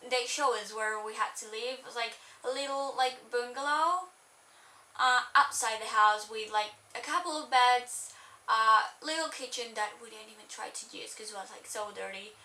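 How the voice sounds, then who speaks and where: Young woman, high and bright, rambling vlog story, roomy sound set back from the mic. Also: moderate pace, recorded from a distance. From Spain. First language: Spanish. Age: young adult. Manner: chatty, rambling, full of "like". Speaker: vlogger. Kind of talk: casual storytelling.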